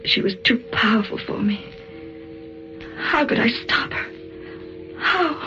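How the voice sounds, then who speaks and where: A woman's voice: on the high side, animated, slow pace, bright, forceful tone, heavily acted. An actress playing a frightened young woman who narrates her own ordeal in a 1940s-style radio drama, in a tense, emotional way. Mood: despairing. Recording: dull lo-fi old radio recording with music. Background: dramatic background music.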